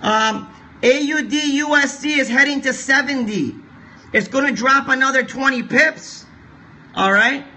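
A man with a high, bright voice walks viewers through currency charts on a live stream. He repeats his points and keeps coaxing the audience to share the feed. His tone is crisp and forward, with a raised pitch. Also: unhurried. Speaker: forex trading streamer. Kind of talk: live-stream market analysis.

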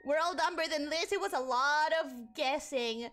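Brief: woman streamer, very high bright voice, bouncy and excitable, faint music behind. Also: moderate pace. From Argentina. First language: Spanish. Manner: excitable, exclaims and shouts while playing. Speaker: VTuber streamer. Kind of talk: live game stream chat.

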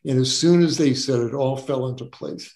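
A man's voice: mid-range voice, moderate pace, darkish tone, reverberant. An older man from Wisconsin, a doctor being interviewed, telling his story earnestly and stressing words by repeating them. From Wisconsin, USA. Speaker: guest doctor.

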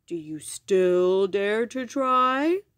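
A woman voicing a boastful male giant in a storybook reading, speaking slowly and mockingly. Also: animated, a bit bright, clean tone, no room sound. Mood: gloating. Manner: slow, booming, mocking.

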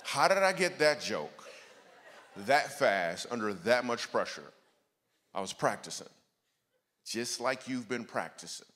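A man's voice: medium pitch, measured pace, pauses often. A man giving a guest sermon at a church, telling funny stories and bantering with the crowd. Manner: storytelling with jokes, lively asides to the crowd. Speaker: guest speaker. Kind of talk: comedic sermon. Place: church auditorium. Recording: church hall reverb.

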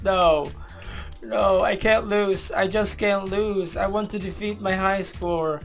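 A man from the Philippines doing gameplay commentary, excitable, talking to himself and his viewers and calling out answers as he plays. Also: high voice, slow pace, vocal fry, faint music behind. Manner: excitable, talks to himself and the audience, counts answers aloud. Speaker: gaming YouTuber.

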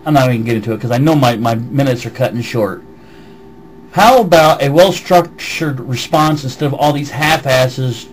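A man's voice: medium pitch, normal speed, slight background noise, low-quality recording. A man with a slight Southern American accent, ranting on a vlog and reading out comments in a heated, swearing voice. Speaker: vlogger. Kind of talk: angry vlog rant answering comments.

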